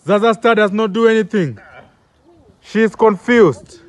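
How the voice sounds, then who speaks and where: A young man with a Kenyan accent giving excited, comedic play-by-play commentary on wrestling, exclaiming and repeating himself. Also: high voice, unhurried.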